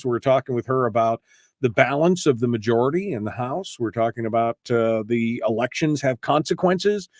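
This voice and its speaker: Joking talk radio host, dry studio sound. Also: male voice, mid-range voice, no room sound. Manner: chatty and joking, with many fillers and restarts. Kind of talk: casual political talk radio.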